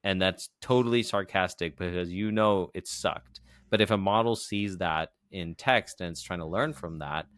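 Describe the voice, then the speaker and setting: A man's voice: sits low, normal speed, few pauses, fairly bright tone, dry recording, clean studio sound. A man co-hosting a podcast, explaining ideas patiently in a casual chat, often checking in with "right?" and "you know". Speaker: podcast co-host.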